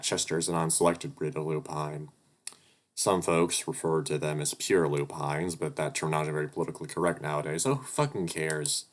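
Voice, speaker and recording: A man reading a visual novel aloud and commenting on it, excitable and swearing freely. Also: low-pitched. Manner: excitable, swears a lot, flustered outbursts. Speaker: let's play narrator.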